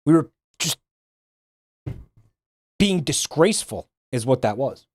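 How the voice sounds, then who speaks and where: Animated, laughing male streamer. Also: medium pitch, slow pace, dry recording, studio quality. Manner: animated, laughs often, swears freely. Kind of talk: casual chat reacting to a game.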